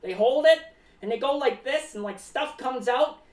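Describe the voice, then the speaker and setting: A woman's voice: high voice, moderate pace, recorded from a distance, natural voice. A woman voicing a rambling, eccentric clown who talks about himself in the third person and is paranoid about cats, streaming live. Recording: echoey room, voice away from the mic.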